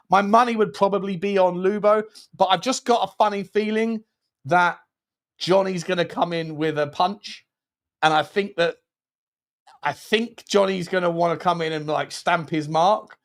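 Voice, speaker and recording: Give me a man hosting a football channel, rambling and joking through a casual livestream chat. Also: sits high. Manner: rambling and jokey, lots of restarts.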